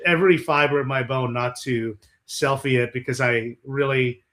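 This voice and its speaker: Animated, profane man telling road stories. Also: medium pitch, moderate pace. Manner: animated, profane, acts out the quotes in his stories. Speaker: guest musician. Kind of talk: casual storytelling interview.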